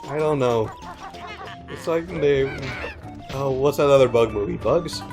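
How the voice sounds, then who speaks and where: A man's voice: medium pitch, a little slow, darkish tone. A man playing a video game on a let's play, answering his co-host with dry, teasing remarks. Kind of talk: casual gameplay commentary. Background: game music.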